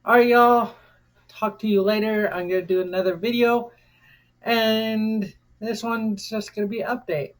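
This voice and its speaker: A woman's voice: on the high side, steady tone, a little slow. An American woman vlogger giving an impassioned, defiant rant, cursing freely and repeating phrases for emphasis. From United States.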